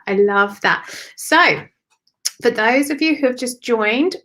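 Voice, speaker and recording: A woman hosting a live-streamed spiritual reading on her phone, affectionate and animated, calling listeners darling. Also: medium pitch, takes it slowly. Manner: animated, swooping intonation. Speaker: spiritual medium giving readings.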